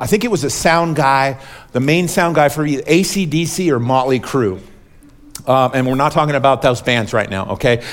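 Guy preaching a sermon, kinda high voice, hammers points over and over, gets the crowd to answer back. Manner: emphatic, repetitive preaching that calls for audience responses. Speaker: pastor.

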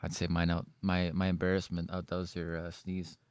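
A man telling a story in casual chat, animated and full of swearing, likes and restarts. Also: sits low, fairly quick, clear, resonant tone.

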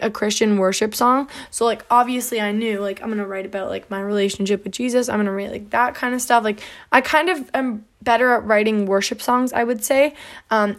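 A young woman hosting a podcast, chatting casually and acting out back-and-forth dialogue, with lots of "like". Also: on the high side. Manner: chatty, peppered with "like", acts out quoted dialogue. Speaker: podcast host. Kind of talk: casual storytelling monologue.

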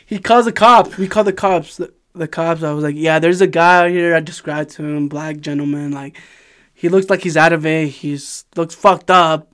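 High-voiced man telling a wild story. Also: normal speed, clear, resonant tone. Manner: animated, swears a lot, laughs while telling. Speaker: podcast host. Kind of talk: casual storytelling chat.

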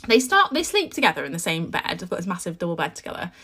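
A British woman and podcast host chatting casually about her children, telling stories in a lively way with frequent asides. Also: lowish voice, fast talker, breathy edge. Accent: British English. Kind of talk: casual chat.

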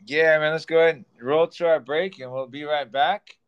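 A man's voice: on the high side, steady tone, normal speed, highs cut off, heavy background noise. Chatty man teacher co-hosting a podcast. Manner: chatty storyteller, laughs often. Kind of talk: casual chat.

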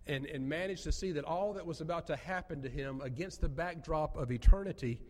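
A man's voice: fairly high pitch, a little fast. Man preaching in a reverberant church. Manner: earnest, emphatic preaching with rising peaks. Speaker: pastor. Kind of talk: sermon.

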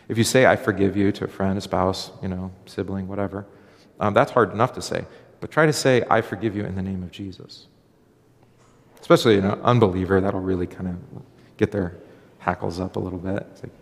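Gravelly low-voiced pastor in a reverberant hall. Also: male voice. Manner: conversational, acts out dialogue, frequent fillers and restarts. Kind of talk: conversational sermon.

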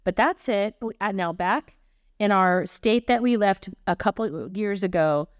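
A woman's voice: medium pitch, moderate pace, clear, resonant tone, no room sound, studio quality. A woman co-hosting a missionary podcast, talking through Bible passages in a chatty, playful way with frequent laughs. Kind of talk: casual Bible-teaching chat. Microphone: podcast microphone.

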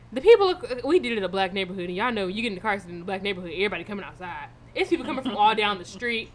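A young woman co-hosting a podcast, telling a story in a casual way, animated and swearing freely. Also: fairly high pitch. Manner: animated, swearing, loud in retold moments. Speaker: podcast co-host.

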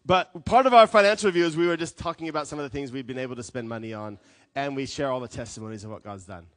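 A man preaching a sermon as a pastor, telling stories with lively acted quotes. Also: mid-range voice, racing, no room sound. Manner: animated storytelling with acted quotes.

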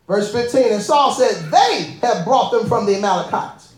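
A woman preaching a sermon in a lively, animated way, often laughing and calling out to the congregation. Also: a little high, moderate pace. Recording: echoey room.

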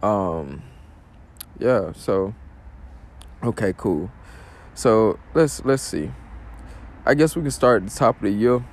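A man's voice: lowish voice, expressive, takes it slowly, long pauses. Rambling slangy man hosting a podcast. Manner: loose, rambling, slangy, filler-heavy. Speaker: podcast host. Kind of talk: casual monologue.

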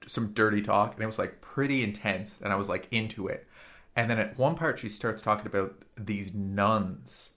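A man's voice: medium pitch, pushed and bright. A man co-hosting a crude casual podcast, telling a story with many fillers, mocking himself and laughing through it. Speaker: podcast co-host. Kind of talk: crude casual comedy chat.

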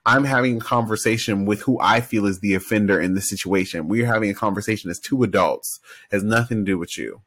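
A man's voice: lowish voice, fast, fairly bright tone, breathy edge. A man co-hosting a podcast, talking casually and emphatically, retelling scenes and voicing the people he quotes. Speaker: podcast co-host. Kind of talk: casual chat.

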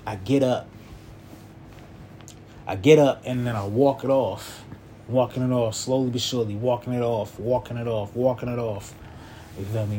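A young man tells a personal story in a loose, easygoing ramble, checking in with the listener again and again. His voice is mellow and dark, at a middling pitch. A faint noise sits under the recording. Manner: loose, rambling, repeats "you feel me".

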